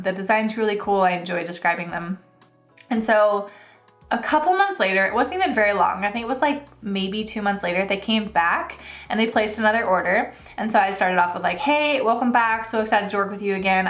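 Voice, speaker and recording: A young woman tells a ranting storytime, animated and quick to slip into mock voices for the people she quotes. Her talk rings a little off the walls of an echoey room, with faint music underneath. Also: mid-range voice. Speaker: freelance writer vlogger. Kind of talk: casual storytime rant.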